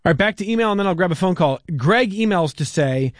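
A man's voice: high voice, lively intonation, fast, dry recording, studio quality. A male radio host reading listener emails and questions to his guest in a conversational way. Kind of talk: call-in radio interview.

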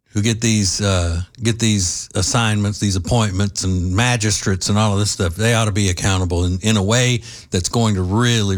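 Hosting a solo commentary show alone, a man with a low pitch spells out his views at length. He speaks haltingly, restarting and filling gaps often, and now and then drops in dry sarcasm.

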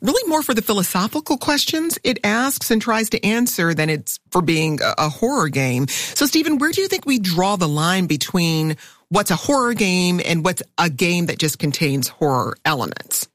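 A woman hosting a public radio talk show, putting steady, clear questions to her guests at a studio mic. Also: fairly low pitch, normal speed, no room sound. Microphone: studio microphone.

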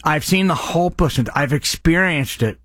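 A man's voice: a little high, moderate pace, a bit bright, dry recording, clean studio sound. A man hosting a radio charity appeal, speaking in an earnest, impassioned way. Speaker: radio host.

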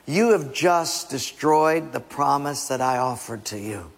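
A solemn, grave God, as a preacher speaks him, rebukes in measured words that fall low and quiet. The voice is gravelly and husky. Long reverb from a large hall hangs behind it. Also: male voice, expressive.

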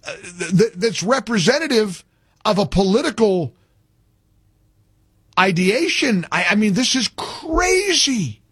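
Male radio host, husky voice, lively pitch, dry close sound, emphatic opinionated monologue. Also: a little slow, long pauses, dry recording. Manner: emphatic, incredulous, with repeated phrases. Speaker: radio talk show host.

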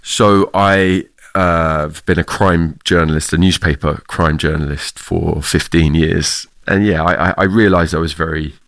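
A man's voice: low voice, steady tone, measured pace, hardly any pauses, fairly bright tone, dry recording. A middle-aged man from the UK, a theater clown, answering interview questions reflectively and laughing often. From United Kingdom.

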